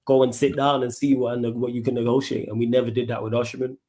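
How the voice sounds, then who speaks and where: Male co-host, mid-pitched, fast talker, blunt and teasing. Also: level tone, warm tone. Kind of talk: casual football chat.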